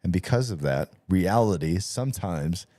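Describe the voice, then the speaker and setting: A man's voice: low voice, expressive, moderate pace, dark tone, dry recording. A man hosting a podcast in casual chat, telling stories with lots of swearing and acting out both sides of each exchange. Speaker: podcast host.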